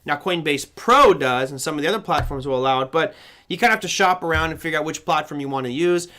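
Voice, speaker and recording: A man's voice: a little high, fast talker, pushed and bright. A man hosting a live trading show, giving rambling market commentary, correcting himself often and acting out the voices he quotes.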